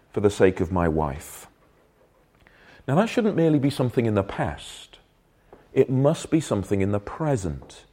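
Guy preaching, earnest and emphatic, pitch swings around a lot. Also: warm tone. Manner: earnest, emphatic, rhetorical questions. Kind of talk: sermon.

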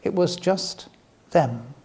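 Gravelly, mellow-voiced preacher. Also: male voice, on the high side, lively intonation. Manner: gentle, earnest storytelling with soft, slowed emphasis. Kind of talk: sermon.

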